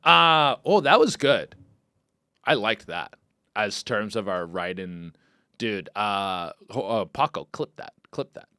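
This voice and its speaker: A man hosting a comedy podcast, riffing in excitable, profane casual commentary. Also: lowish voice, takes it slowly, no echo, studio quality. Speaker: podcast host.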